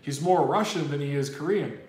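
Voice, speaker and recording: Guy chatting on a livestream, slightly high voice, roomy echo, rambles and says dude a lot. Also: moderate pace, darkish tone. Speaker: boxing livestream host. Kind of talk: casual livestream chat reading super chats.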